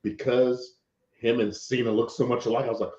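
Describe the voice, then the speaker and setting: A podcast guest in casual chat, lively and swearing freely. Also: male voice, mid-range voice, fairly quick. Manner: lively, swears, acts out lines. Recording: roomy, dull lo-fi sound.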